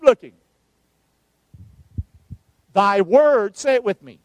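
A middle-aged man preaches with emphatic, call-and-response energy. His voice sits high for a man. The sound is close and dry, with no room around it. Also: lively intonation, takes it slowly, pauses often, no room sound. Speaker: pastor. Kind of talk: sermon.

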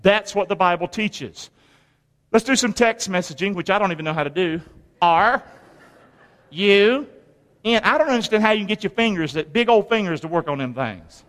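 High-voiced preacher in a hall. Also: male voice, animated, normal speed, fairly bright tone. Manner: folksy, call-and-response preaching. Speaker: pastor. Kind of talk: lively sermon. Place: large church sanctuary. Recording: long reverb of a large hall.

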